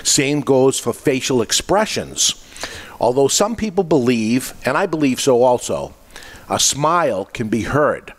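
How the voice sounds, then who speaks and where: A man's voice: medium pitch, animated, measured pace. A man hosting a podcast, giving an instructional talk in an explanatory way with frequent restarts mid-phrase. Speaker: podcast host. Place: podcast studio.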